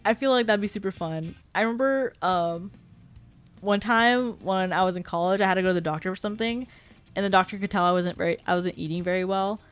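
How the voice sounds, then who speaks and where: A woman's voice: mid-range voice, fast, soft background music. A young woman streaming a casual chat, rambling and giggly, often apologizing and filling with "like" and "um".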